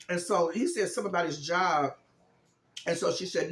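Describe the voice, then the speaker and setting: A man's voice: high-pitched, moderate pace, reverberant. A man vlogging a casual, rambling retelling of a movie plot, chatting like a storyteller.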